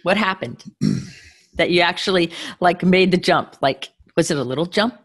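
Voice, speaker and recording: An interview host in a casual conversation, asking follow-up questions. The voice sits at a middling pitch and keeps offering eager, encouraging replies. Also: lively intonation, normal speed, a bit bright.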